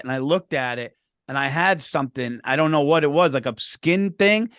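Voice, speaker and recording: A middle-aged man co-hosting a podcast, telling stories in an animated, profane way and saying "dude" a lot. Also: on the high side, fairly quick, smooth, no room sound, clean studio sound. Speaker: podcast co-host. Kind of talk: casual comedic storytelling.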